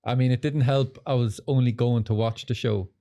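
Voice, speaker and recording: A man's voice: medium pitch, steady tone, moderate pace, dark tone, lo-fi sound. A man co-hosting a podcast, chatting in a laid-back, reflective way. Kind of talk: casual chat.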